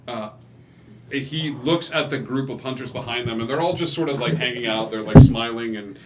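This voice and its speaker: A man's voice: mid-range voice, normal speed, slight background noise. Man, game master, tabletop narration, casual, filler-heavy. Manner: loose, filler-heavy narration that builds to loud excitement.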